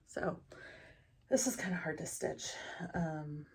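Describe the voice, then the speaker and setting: Slow and breathy-edged, this woman's low voice carries a relaxed show-and-tell about her stitching work for her cross-stitch vlog. She speaks in her morning voice, rambling through many ums and often lowering to a whisper.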